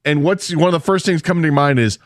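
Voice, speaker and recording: A man chatting on a studio mic, pressing his points and slipping into quoted voices. His voice sits a touch high for a man, and the sound is dry and close. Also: fast talker, dry recording. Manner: emphatic, sums up and retells the story with quoted asides. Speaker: radio show co-host. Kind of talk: casual sports radio chat. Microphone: studio microphone.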